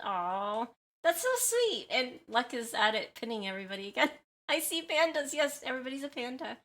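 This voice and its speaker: Bright-voiced, apologetic woman streamer. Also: sits high. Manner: chatty and apologetic, rambling with many fillers and giggles. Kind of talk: casual livestream chat with viewers.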